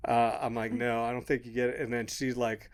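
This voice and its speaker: A man's voice: medium pitch, level tone, brisk. A man in his thirties co-hosting a podcast, telling a long story casually, swearing and laughing as he goes. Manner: rambling, swearing, laughing mid-story, quoting others. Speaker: podcast co-host.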